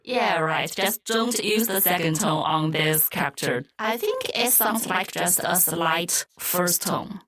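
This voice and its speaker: Woman, language teacher, slow careful delivery, lowish voice, repeats phrases clearly. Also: a bit bright. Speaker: Mandarin teacher, co-host. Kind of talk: scripted language lesson.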